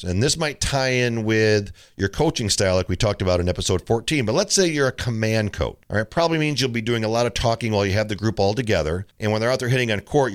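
A middle-aged man hosting a tennis coaching podcast, talking casually and telling stories with mimicked quotes. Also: lowish voice. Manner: relaxed storytelling with mimicked quotes. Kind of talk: casual solo podcast talk.

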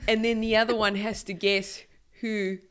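A woman's voice: mid-range voice, flat delivery, normal speed, a bit bright, clear, resonant tone. A woman co-hosting a podcast, chatting casually with playful, giggly banter. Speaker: podcast co-host.

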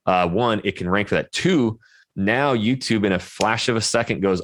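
A man co-hosting a podcast, talking in an energetic, emphatic way and acting out quotes. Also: lowish voice, moderate pace, no room sound. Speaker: podcast co-host. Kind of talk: casual podcast talk.

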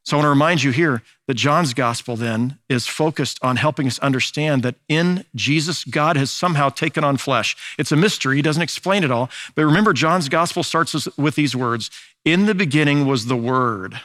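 A man's voice: fairly high pitch, fairly quick, few pauses, fairly bright tone, no echo, studio quality. A man preaching a sermon as a pastor, in a conversational teaching manner with frequent fillers and restarts.

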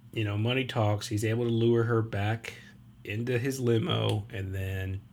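A man's voice: mid-range voice, a little hiss or hum. A man hosting a podcast, retelling a film plot in a casual, rambling way with lots of fillers and acted-out quotes. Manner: rambling, many fillers and restarts, acts out quotes. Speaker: podcast host.

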